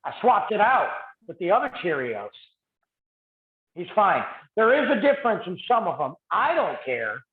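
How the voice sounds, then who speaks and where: A man co-hosting a podcast, chatting casually with quick asides and frequent laughs. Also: sits high, big pitch swings. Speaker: podcast co-host. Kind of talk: casual chat. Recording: roomy, tinny phone-like sound.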